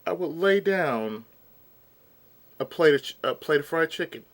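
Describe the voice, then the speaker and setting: A man's voice: fairly high pitch, animated, a little slow. A man vlogging in a casual, exasperated rant, sometimes eating as he talks. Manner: exasperated, ranting, eats while talking. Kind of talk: casual ranting commentary.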